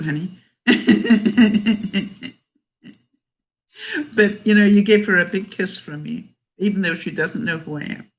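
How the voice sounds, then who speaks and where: An older woman from Canada, vlogging in a casual livestream chat, talking chattily, laughing often and reading viewer comments aloud. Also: mid-range voice.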